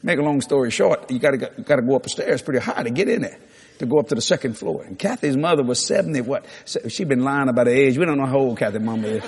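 A middle-aged man, preaching a sermon through lively, laughing anecdotes with sudden jumps in pitch. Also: fast talker, breathy edge. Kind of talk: storytelling sermon.

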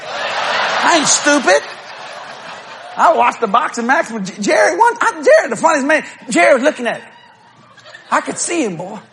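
A middle-aged male preacher with a notably high voice, telling funny stories from the pulpit. His pitch leaps all over as he acts out the people in his tales, breaking into shouts and laughs along the way. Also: a little fast, creaky. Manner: animated, acts out quotes, bursts into shouts and laughter. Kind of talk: humorous storytelling sermon.

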